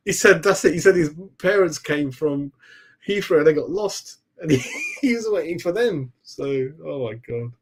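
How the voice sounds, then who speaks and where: A man's voice: a little high, expressive, moderate pace, breathy edge. A man hosting a football fan channel, chatting on a live stream in a rambling, easygoing way, laughing often and calling his viewers mate. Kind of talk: casual live-stream chat.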